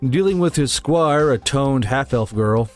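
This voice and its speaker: A man reading online stories aloud in a dry, flat-toned way, as co-host of a casual podcast. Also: mid-range voice, measured pace, soft background music.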